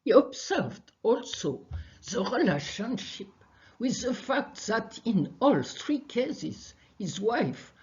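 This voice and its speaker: Older french lady reading her conference talk really slowly, voice goes up and down a lot, dull video call sound. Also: fairly high pitch, sing-song, a little mellow. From France. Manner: slow, deliberate delivery of a prepared text. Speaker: researcher presenting at a conference. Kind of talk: prepared webinar talk.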